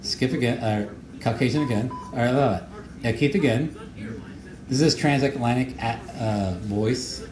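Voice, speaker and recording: A man who made the show gives casual audio commentary, rambling and halting with many fillers and repeated words. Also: medium pitch. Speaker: show creator giving commentary. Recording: echoey room with faint noise.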